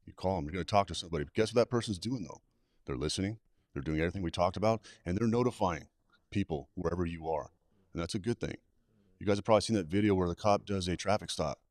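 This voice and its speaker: A man's voice: deep voice, dry recording. A middle-aged man giving direct, practical guidance as a guest trainer on a live webcast. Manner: direct, plain-spoken, practical. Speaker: suicide prevention trainer, guest.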